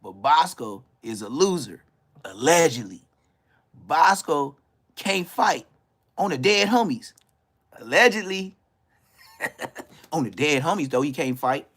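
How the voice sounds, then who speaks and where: This animated LA commentator in his fifties speaks slowly, with long pauses, while roasting people live on YouTube. His mocking street talk is loud and LA-accented, broken up by frequent laughs and shrill, high-pitched bursts.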